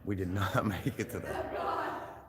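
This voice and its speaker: A man's voice: fairly low pitch, wildly swooping pitch, takes it slowly. A man hosting a casual livestream, chatting loosely and joking with fillers and laughs. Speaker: livestream host. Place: large opera house hall with a crowd gathering. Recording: roomy hall reverb and crowd chatter.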